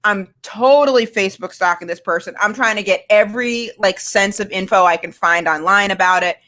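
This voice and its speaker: A woman's voice: medium pitch, a little fast, bright, forceful tone. A woman guest telling a candid, self-mocking dating story in a rambling way, full of filler words. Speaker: guest comedian.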